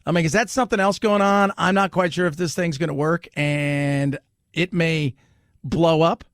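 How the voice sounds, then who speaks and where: A man's voice: on the high side, fairly even intonation, normal speed, a bit bright, dry recording. A male talk radio host with a slightly raised voice, riffing in a wry, sarcastic way. He is recorded close on a studio mic in a dry, dead room. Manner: wry and sarcastic, laughs at his own asides. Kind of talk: casual talk radio commentary.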